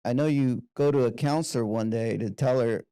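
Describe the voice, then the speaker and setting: A man's voice: mid-range voice, a little fast, clear, resonant tone, no echo, clean studio sound. A man hosting an interview podcast who recaps his guest's story and asks encouraging questions. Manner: warm, encouraging, summarizing questions. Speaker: podcast host.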